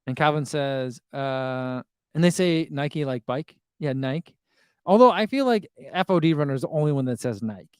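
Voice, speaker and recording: A man's voice: fairly high pitch, expressive, normal speed, a little mellow, clear, resonant tone, dry recording, studio quality. A middle-aged man hosting a running livestream, chatting casually and reading viewer comments aloud with easy laughs. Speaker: running channel host reading live chat.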